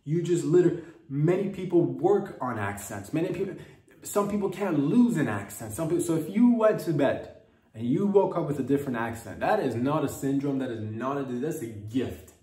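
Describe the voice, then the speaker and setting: A man's voice: a little high, expressive, normal speed, warm tone, recorded from a distance. A man hosting a comedy podcast, delivering a playful, rambling monologue and slipping into mock accents. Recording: roomy sound from off-mic.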